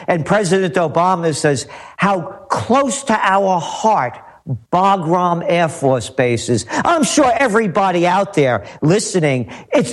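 A man who is a guest on a talk radio show, speaking in a scornful, sardonic, lecturing way. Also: sits high. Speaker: guest commentator.

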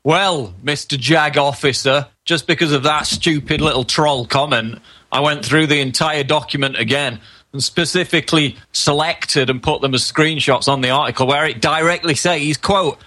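A man joins a show over a video call as a guest. His voice is bright and forceful, and he explains in an indignant, plain way. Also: on the high side, normal speed. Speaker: guest researcher. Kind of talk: call-in interview.

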